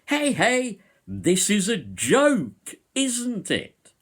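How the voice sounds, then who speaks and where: A man voicing an impatient, pushy man who shouts at others in a queue, loud and hectoring. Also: sits high, wildly swooping pitch, drawn-out words, voice pushed up, full character voice. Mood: indignant.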